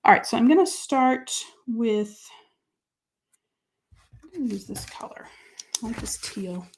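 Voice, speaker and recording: A woman hosting a live crafting show, chatting with viewers and talking through each step, her voice dropping to quiet murmurs while she writes. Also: a little high, lively intonation, unhurried, breathy edge. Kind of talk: live crafting chat, answering viewer comments.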